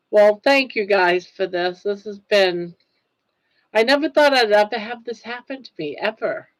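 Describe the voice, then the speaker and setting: An older woman hosts a casual livestream, chatting and reading viewer comments aloud, laughing often and sounding touched. Her voice sits on the high side, and the poor-quality audio has no echo.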